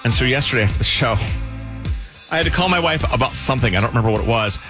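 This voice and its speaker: A man hosting a morning radio show, telling a story in an animated way and acting out the voices in it. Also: medium pitch, very fast, over music. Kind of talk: casual radio banter. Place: radio studio.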